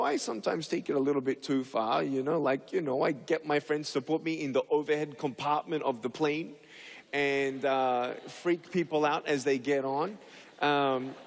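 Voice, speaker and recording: Playful storytelling man, slightly high voice. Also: big-room sound. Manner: playful storyteller who acts out scenes; frequent fillers and restarts. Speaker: public speaker. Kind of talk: humorous speech to an audience.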